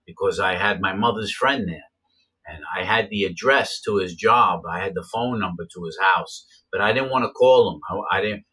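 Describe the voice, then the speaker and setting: Bright-voiced man telling his story. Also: breathy edge. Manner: rambling, repeats himself, many "you know" fillers; acts out quoted voices with sharp pitch jumps. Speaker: storyteller recounting his past. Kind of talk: casual first-person storytelling.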